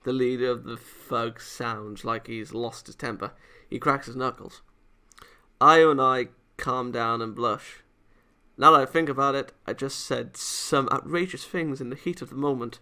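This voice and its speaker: A man's voice: mid-range voice, fairly even intonation, unhurried, bright, forceful tone, smooth. A man reading a visual novel aloud for a let's-play, narrating plainly and voicing the hero casually.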